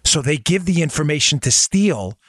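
A man hosting a political podcast, ranting with sarcasm and excitement. His voice is bright and forceful, a little high for a man, and recorded close and dry. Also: fairly quick, husky, no echo. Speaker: podcast host. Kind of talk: political commentary.

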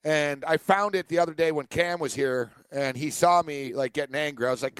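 A man's voice: a little high, a little fast, a bit bright, smooth, no room sound. A man co-hosting a sports radio show, telling a long, rambling story full of ums and uhs. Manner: rambling storyteller, many fillers and restarts. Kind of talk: casual sports radio banter.

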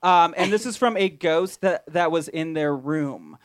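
On a small theater stage before a live audience, a woman with a low, unhurried voice hosts a live podcast chat with guests. She's playful and giggly, often laughing at herself in a self-deprecating way.

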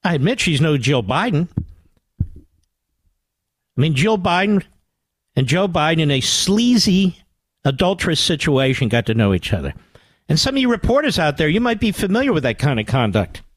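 With a sing-song delivery at normal speed and long pauses, an older political radio host mocks and combats in a sarcastic tone. He shifts from low growls to high exclamations, heard dry through a studio microphone.

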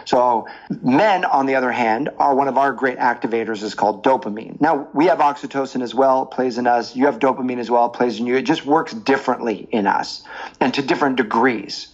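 A man being interviewed as a dating coach, explaining with lively stories and examples. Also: medium pitch, a little fast, highs cut off. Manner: animated storyteller, explains with examples. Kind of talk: podcast interview.

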